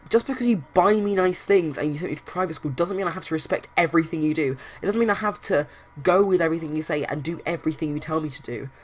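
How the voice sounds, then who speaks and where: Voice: mid-range voice, fast, breathy edge, lightly acted. A player voicing an upset young man who argues with his parents. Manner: pleading and upset.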